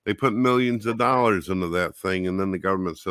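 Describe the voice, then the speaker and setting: A man's voice: low-pitched, fairly quick, a bit bright, no room sound, studio quality. A man hosting a casual political chat, griping angrily with lots of swearing. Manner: angry, profane griping. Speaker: podcast host.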